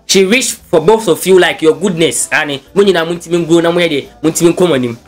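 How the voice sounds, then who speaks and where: A man's voice: a little high, brisk, faint music behind. A man with a Ghanaian accent hosting a news blog show, chatting casually and switching freely between English and Twi.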